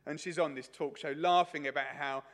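A man's voice: fairly high pitch, steady tone, fairly quick, a bit bright. A man preaching a sermon at a church service, telling a story in a chatty way with many fillers.

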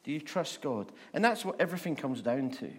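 A man preaching a sermon, repeating rhetorical questions and slowing down to stress words. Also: on the high side, sing-song.

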